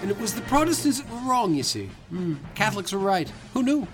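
A man doing the ghost of an old Scottish film narrator, a folksy, rambling tippler whose broad Scottish accent thickens and whose temper sours into cursing. The voice sits high and swoops up and down with lively pitch swings, with faint music under it. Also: brisk. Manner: folksy and rambling, growing rowdier and foul-mouthed as he drinks. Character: dead, boozy old Scottish male narrator ghost, folksy turning mean. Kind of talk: improvised comedy character bit.

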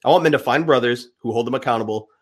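A man's voice: medium pitch, fast talker, slightly rough. A young man speaking as an interview guest, fired-up and emphatic, with some swearing. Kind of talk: impassioned interview talk.

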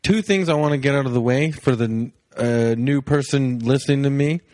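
A man's voice: mid-range voice, moderate pace, a little mellow, dry recording. Laid-back man with a tired-sounding voice. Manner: sleepy-sounding, laid-back, rambling with fillers. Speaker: podcast host. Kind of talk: casual rambling podcast intro. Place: home, on his couch.

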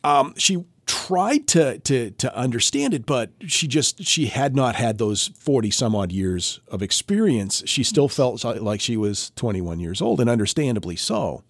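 Unhurried and with few pauses, a man with a medium-pitched voice co-hosts a podcast, recorded with no echo. He tells a story in casual chat, animated and acting out quoted voices.

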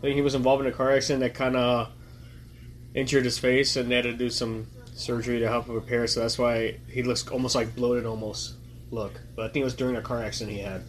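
A man's voice: mid-range voice, level tone, fast, a little hiss or hum. Man giving chatty movie commentary. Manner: chatty, thinking aloud, chewing popcorn while talking. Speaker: movie watch-along host. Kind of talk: casual live movie commentary.

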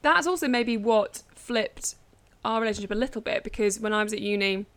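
Woman on a podcast, thinks out loud, lots of restarts, mid pitch. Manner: halting, restarts often, reflective. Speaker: podcast guest. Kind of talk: casual chat.

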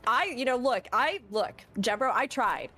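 A woman's voice: a little high, expressive, normal speed, sharp tone, soft background music. A woman guest on a gaming podcast, chatting casually in a playful, sarcastic, giggly way.

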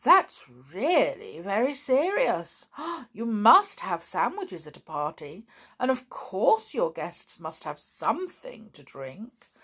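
A woman's voice: mid-range voice, big pitch swings, takes it slowly, fairly bright tone, slightly rough, heavily acted. A woman voicing Mister To and Fro, a kindly wobbling wooden toy man who talks in a fussy, earnest way. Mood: concerned.

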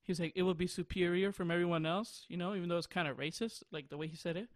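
A high-voiced young man in his twenties rambles through a story on a podcast, often breaking into laughter. The sound is dry and close, with no room around it. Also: quick pace, no room sound. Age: 20s. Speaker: podcast host. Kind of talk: casual chat.

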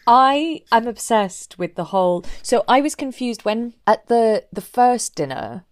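Woman, casual podcast chat, animated, dry close mic. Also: a little high, dry recording. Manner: animated, quick, amused. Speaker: podcast co-host.

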